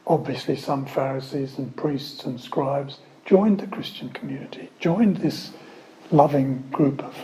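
A man giving a sermon, telling a scripture story with lively, conversational asides and questions to the listeners. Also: medium pitch, slight background noise, rough recording. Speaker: preacher.

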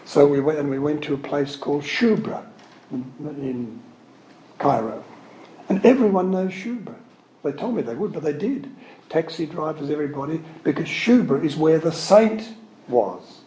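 A man's voice: fairly high pitch, lively intonation, moderate pace, warm tone, slight background noise. A man giving an anecdotal spiritual talk, wandering and correcting himself, earnest and openly emotional. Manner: rambling, digressive storytelling with frequent self-corrections; earnest, openly emotional about his subject. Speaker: Catholic religious speaker giving a spiritual talk. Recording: roomy echo with faint ambience.

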